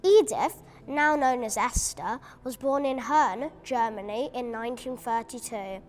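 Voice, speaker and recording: Woman, somewhat high voice, measured earnest reading, faint background music. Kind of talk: reading a prepared account at a memorial event.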